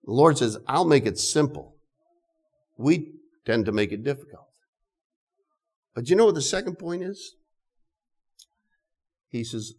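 Older man, pastor, earnest sermon, repeats words, slow scripture reading. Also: medium pitch, expressive.

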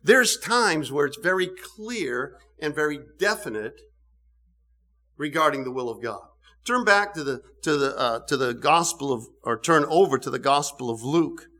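A middle-aged man preaching a sermon, animated, with emphatic bursts and frequent restarts. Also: fairly high pitch.

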